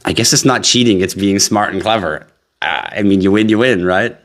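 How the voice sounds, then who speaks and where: A man with a very low voice hosts a live crypto stream. He talks to his viewers in a brash, joking way, swears freely and reads their comments aloud. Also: fairly quick.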